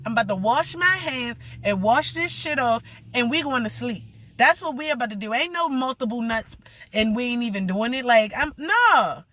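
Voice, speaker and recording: A woman's voice: on the high side, animated, normal speed, a bit bright. A young woman rambling through a blunt, profane story in a casual vlog rant.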